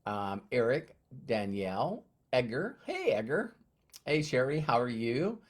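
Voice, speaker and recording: A man's voice: mid-range voice, big pitch swings, unhurried. Male motivational streamer, casual, chatty, greets viewers by name. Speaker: motivational live-stream host. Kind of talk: casual live-stream talk. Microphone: phone.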